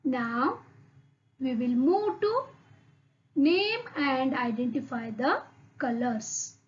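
A woman's voice: sits high, big pitch swings, takes it slowly, muffled recording. A woman with an Indian English accent teaching an online English lesson to young children. She repeats words one by one and keeps asking the class questions. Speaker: primary school English teacher.

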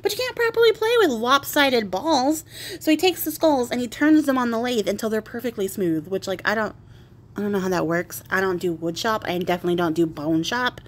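A woman's voice: mid-range voice, a little fast. Crafty lady retelling an old fairy tale, chatty and irreverent, lots of side comments. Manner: irreverent, chatty, with wry asides. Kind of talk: casual storytelling.

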